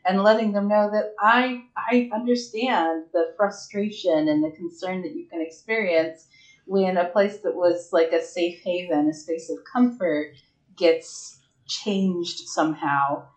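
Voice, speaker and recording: A woman playing a tabletop game in character, earnest and playful, with a halting manner. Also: lowish voice, poor audio. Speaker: player.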